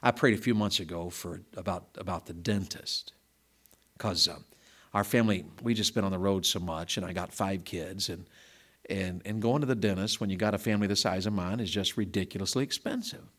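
A middle-aged man, preaching a sermon in a folksy, conversational way, with loud bursts of emphasis. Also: sits low, steady tone, brisk.

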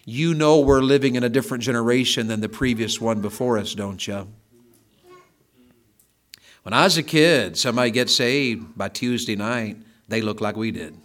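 A man's voice: mid-range voice, moderate pace, a bit bright. A man preaching a sermon, fervent and emphatic, driving home repeated phrases.

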